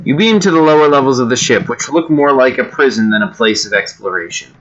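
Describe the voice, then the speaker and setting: A man reads homemade stories aloud in a loose, chatty way, stopping for fillers and side comments. His tone is bright and forceful. The recording is a bit dull and lo-fi. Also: mid-range voice, lively intonation, brisk. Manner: chatty, breaks off with fillers and asides. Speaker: reader and creator of homemade games. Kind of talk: casual read-aloud of generated stories.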